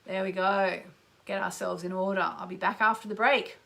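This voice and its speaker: Woman, Australian accent, middle-aged, upbeat live astrology host, warm chatty delivery, greets listeners one by one. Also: mid-range voice, flat delivery, normal speed, creaky. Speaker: astrologer hosting a live radio show. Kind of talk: live show chat with oracle card readings.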